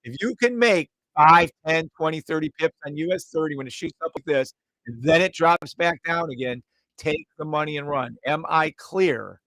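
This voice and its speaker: A man hosting a live trading stream, calling out trades in quick repeated bursts, brash and profane, mocking imagined viewers. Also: fairly high pitch, animated, fairly bright tone, no room sound, poor audio. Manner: mocks imagined viewers in a whiny voice.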